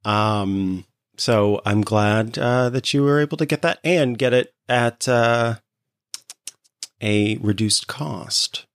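A man's voice: medium pitch, takes it slowly, smooth, no room sound, studio quality. Playful man chatting on a video call. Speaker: conversation partner. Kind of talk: casual video call chat.

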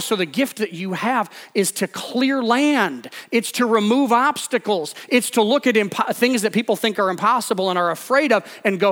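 Male pastor, high voice, casual preaching full of acted-out asides, long hall reverb. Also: fairly bright tone. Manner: conversational preaching with quick acted-out quotes. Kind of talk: sermon.

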